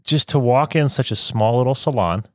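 A man's voice: medium pitch, moderate pace, a little mellow, dry recording, clean studio sound. A man co-hosting a casual travel podcast, telling anecdotes in a chatty, amused way. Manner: chatty storyteller, laughs while telling anecdotes. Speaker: podcast co-host.

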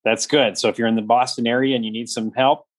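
A man's voice: medium pitch, steady tone, fast talker, no echo. A man hosting a casual podcast chat, teasing his guests with wry banter. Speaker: podcast host.

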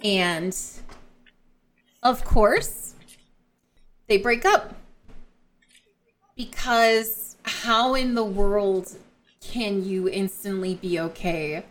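A woman co-hosting a book podcast, casually retelling and discussing the plot in an unhurried way. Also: medium pitch. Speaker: podcast co-host.

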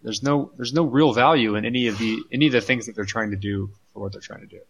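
A man's voice: medium pitch, fast talker, vocal fry, a bit bright. A man co-hosting a podcast who talks casually, thinking aloud and often repeating his words. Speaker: podcast co-host. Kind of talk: casual chat.

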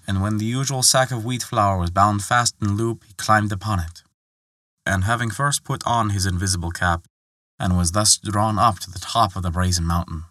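A man tells an old folktale in a bright, forceful voice, pitched on the low side. The sound is close and dry, with no room around it. He reads with expression and lets the story carry him along. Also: no room sound. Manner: expressive, lifts pitch for quoted characters. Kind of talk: scripted folktale narration.

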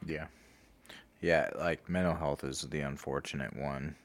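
Very deep-voiced man hosting a podcast. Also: a little slow. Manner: relaxed, lots of "like" fillers. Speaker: podcast host, alumni director. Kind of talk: casual podcast conversation.

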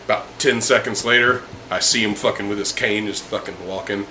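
Bright, punchy man, swearing storyteller, casual drinking chat. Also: fairly low pitch, a little fast, a little hiss or hum, rough recording. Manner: profane, animated storytelling with laughs. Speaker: storyteller among friends. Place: indoors with friends.

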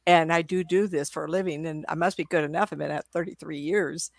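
An older woman tells lively stories as a guest on a video call from home. Her voice is a bit low for a woman and sounds dry and close to the mic. She talks in an animated, chatty way, laughs often, and keeps restarting her sentences. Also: brisk, gravelly, no room sound. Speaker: psychic medium guest. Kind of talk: casual interview storytelling.

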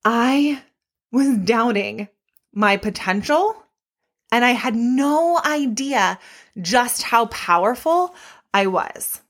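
A young woman talks into her podcast microphone in a loose, unscripted solo episode. She is chatty and candid, with animated asides and casual swearing. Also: a little high, takes it slowly. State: pregnant. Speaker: podcast host and fitness instructor.

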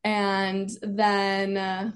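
A woman's voice: medium pitch, completely flat delivery, drawn-out words. A young woman, a college cheerleader, telling her story as a guest in casual conversation, chatty and full of "like" fillers. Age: young adult. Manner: chatty, peppered with "like", laughs often.

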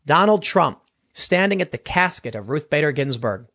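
A man doing solo political commentary, animated and rambling, often restarting his sentences. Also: a little high, moderate pace.

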